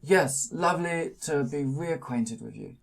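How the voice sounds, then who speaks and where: A man's voice: a little high, unhurried, vocal fry, voice pushed up. A man voicing a small, fussy older male publisher, polite and easily flustered. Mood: courteous. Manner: fluttery, surprised and courteous.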